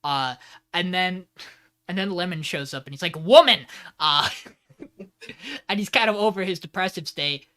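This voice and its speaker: Bright-voiced animated podcast recapper. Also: male voice, high voice, moderate pace, clean tone. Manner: animated retelling with acted-out quotes and laughs. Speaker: podcast co-host. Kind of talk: casual anime recap chat.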